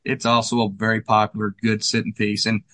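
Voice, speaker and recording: A man co-owning a furniture store, casually walking through the showroom and describing pieces in a relaxed, friendly sales manner. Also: lowish voice, a little fast, no echo.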